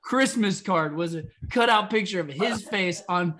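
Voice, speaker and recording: Animated, laughing podcast co-host man. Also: high voice, normal speed. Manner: animated storyteller, acts out quotes with laughs. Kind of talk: casual chat.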